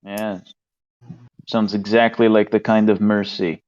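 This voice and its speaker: A man's voice: on the low side, little pitch movement, a little slow, a little mellow. A man playing a tabletop game, blunt and profane, pressing the others with incredulous questions. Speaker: player. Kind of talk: casual tabletop role-play. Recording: dull lo-fi mic.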